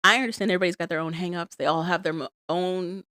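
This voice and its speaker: A woman co-hosting a podcast, recapping reality TV in an animated, exasperated, emphatic way. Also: fairly low pitch, fast talker, no echo, clean studio sound. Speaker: podcast co-host. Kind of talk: casual chat recapping reality TV.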